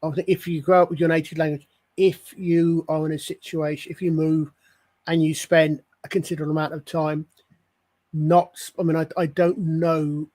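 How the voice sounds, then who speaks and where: Rambling man, higher voice. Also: level tone, moderate pace, darkish tone. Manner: rambling, self-interrupting questions. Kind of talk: casual chat on a live stream.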